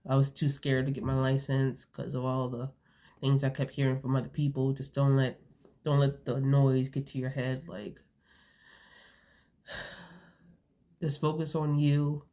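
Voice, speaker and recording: Young woman vlogging at home, earnest and halting, mellow voice, pretty monotone. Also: rumbling low. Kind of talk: casual talk to camera. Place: home, indoors.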